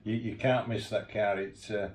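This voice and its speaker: A man's voice: fairly low pitch, steady tone, moderate pace, a little mellow, a little hiss or hum. A man interviewing a guest, who asks brief casual questions and offers encouraging prompts. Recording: roomy, distant mic.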